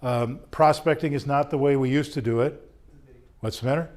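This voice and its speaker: A man's voice: medium pitch, moderate pace, a little mellow. Male sales trainer, jokey, upbeat lecture to members.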